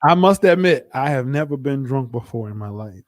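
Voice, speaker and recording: A man's voice: mid-range voice, lively intonation, normal speed, no echo, clean studio sound. A man co-hosting a casual live review chat over a video call, joking, teasing and playfully apologizing. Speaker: co-host.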